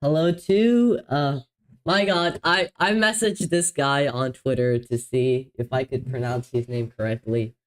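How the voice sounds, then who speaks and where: A man hosting a casual live stream, talking slowly and unhurriedly. He sounds excitable and apologetic, stumbling over words and breaking into laughs, with a voice of middling pitch. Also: rough recording. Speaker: livestream host.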